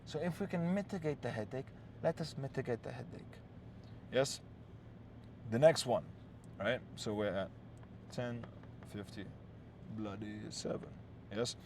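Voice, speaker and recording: A man's voice: medium pitch, measured pace, long pauses, a little hiss or hum. A man hosting a relationship-advice talk, telling a story in a blunt, profane, casual way and often checking in with "yes?" and "right?".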